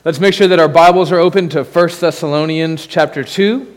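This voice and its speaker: A man's voice: a little high, fairly even intonation, fairly quick, in a large hall. A man preaching a sermon in a church as pastor, conversational, with asides and rhetorical questions. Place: church sanctuary.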